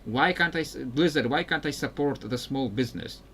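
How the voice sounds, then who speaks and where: A man's voice: mid-range voice, normal speed, fairly bright tone, a little hiss or hum. Rambling male game streamer. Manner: rambling, self-interrupting, chuckling. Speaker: gameplay streamer. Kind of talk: casual gameplay commentary.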